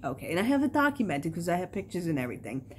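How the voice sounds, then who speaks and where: A woman's voice: lowish voice, very fast, a little hiss or hum. A middle-aged woman chatting to the camera in a casual, rambling vlog, telling stories with lots of fillers. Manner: rambling, animated storytelling with many fillers. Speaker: crafting vlogger.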